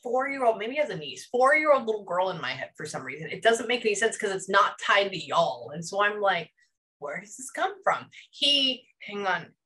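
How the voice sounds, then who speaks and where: A woman working as a medium, talking excitedly and thinking out loud during a live session with clients. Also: mid-range voice, fairly quick, few pauses. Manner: excitable, chatty, thinks aloud.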